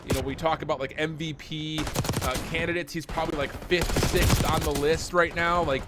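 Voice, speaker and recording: A man's voice: fairly high pitch, fairly even intonation, normal speed, heavy background noise. A man casting an esports match in a chatty, joking way, with many fillers as he breaks down the standings. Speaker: esports caster. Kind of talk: esports desk commentary.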